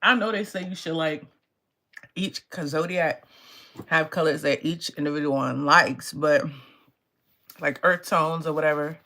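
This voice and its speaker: A woman's voice: deep voice, measured pace, pauses often, pushed and bright. A woman tarot reader talking in a casual, blunt and profane way, laughing often. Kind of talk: casual live tarot reading.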